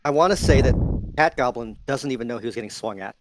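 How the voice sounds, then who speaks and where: A man's voice: expressive, quick pace, noisy background. A man playing a tabletop game, joking playfully about his goblin character. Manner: playful, laughs, pitches jokes for his goblin. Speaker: player.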